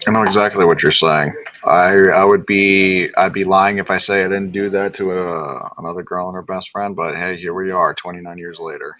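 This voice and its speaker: Easygoing co-host in his 30s, low voice with a bright edge, dry studio sound. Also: steady tone, moderate pace, no echo. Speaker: show co-host. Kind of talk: casual studio banter.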